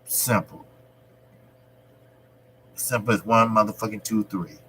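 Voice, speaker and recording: A man hosts his own boxing livestream, talking slowly and taking his time as he reads the chat. His voice is bright and forceful, with plenty of blunt, profane street banter. A faint hum sits under the recording. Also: lowish voice, fairly even intonation, low-quality recording. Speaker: boxing channel host reading live chat. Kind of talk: casual livestream talk.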